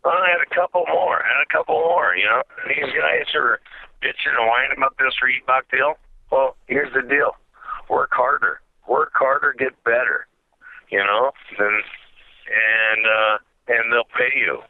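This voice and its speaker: A man's voice: mid-range voice, measured pace, creaky. A man telling stories in a blunt, tough-talking and wry way, as a guest calling in to an interview. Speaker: guest fighter. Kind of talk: storytelling in a call-in interview. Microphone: phone. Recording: tinny phone line.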